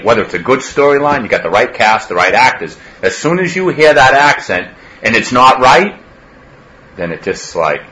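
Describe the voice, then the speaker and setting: A campus police officer with a Boston accent, talking earnestly in an interview and often saying "you know". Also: male voice, low-pitched, a bit bright, low-quality recording.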